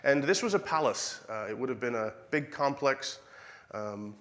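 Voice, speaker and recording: Irish-accented male preacher, chatty church sermon, acts out the dialogue, mid-pitched voice. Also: lively intonation, moderate pace, fairly bright tone. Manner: conversational, acts out quoted dialogue, self-corrects. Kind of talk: sermon with Bible reading.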